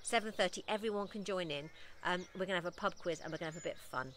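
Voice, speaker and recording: A woman's voice: lowish voice, racing, a bit bright, a little hiss or hum. A middle-aged woman, a fitness instructor, talking on a casual live stream outdoors from her front steps on a hand-held phone. She chats in an upbeat way, laughs often and reads out viewer comments.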